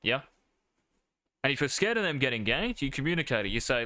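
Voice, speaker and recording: A man's voice: medium pitch, big pitch swings, fairly quick, pauses often, bright, forceful tone, no room sound. A man coaching a player over a live stream, blunt and profane, calling his student mate. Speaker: game coach.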